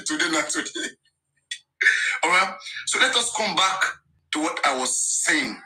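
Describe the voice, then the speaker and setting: A woman's voice: on the low side, big pitch swings, a little slow, long pauses, sharp tone, faint music behind, rough recording. A Nigerian woman, a live-stream commentator, ranting scornfully and emphatically as she switches between languages. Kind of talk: ranting monologue.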